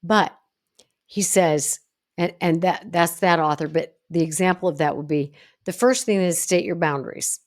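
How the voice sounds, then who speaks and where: Low-voiced woman psychologist coaching listeners. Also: moderate pace. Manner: emphatic, acts out example dialogues, punctuates with "boom". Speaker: psychologist podcast host. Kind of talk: instructional solo podcast.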